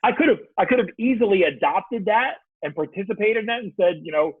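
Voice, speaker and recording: A man with a husky voice tells reflective stories and acts out the voices he quotes. His voice sits a little high. The sound is dry and thin, like a phone line. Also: lively intonation, a little fast, no echo. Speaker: guest, leadership coach. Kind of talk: casual podcast conversation.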